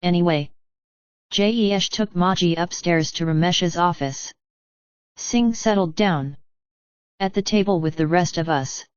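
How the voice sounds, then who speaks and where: A woman reading an audiobook in scripted narration, voicing every character in the same even narrating voice. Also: on the low side, measured pace, long pauses, clear, resonant tone, no room sound, highs cut off.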